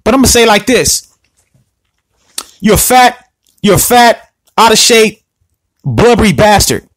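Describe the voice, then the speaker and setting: High-voiced man ranting on a podcast. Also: measured pace, no room sound. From Southern California. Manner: animated, repetitive, confrontational. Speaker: podcast host. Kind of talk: solo podcast rant.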